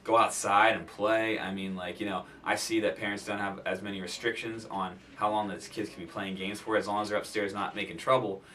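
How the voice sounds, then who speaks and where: A man's voice: fairly low pitch, sharp tone, recorded from a distance. A man giving his opinion in an interview, hesitant and full of fillers. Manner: hesitant, full of "you know" and "like".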